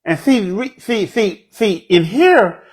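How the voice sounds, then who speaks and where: Funny guy telling stories, high lively voice, keeps clowning around. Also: slow, low-quality recording. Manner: animated, jokes in a put-on proper voice. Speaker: comedian guest. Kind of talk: comic storytelling.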